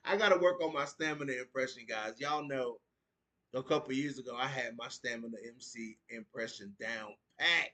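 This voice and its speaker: A man with a medium-pitched, bright and forceful voice speaks at a moderate pace. He's an American podcast host on a live stream, chatting casually in a laid-back way, reading viewer comments aloud and riffing on them.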